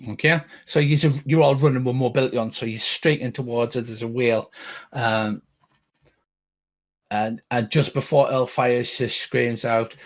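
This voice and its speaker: A man's voice: mid-range voice, steady tone, unhurried. A middle-aged man narrating as game master, rambling with frequent restarts and casual swearing.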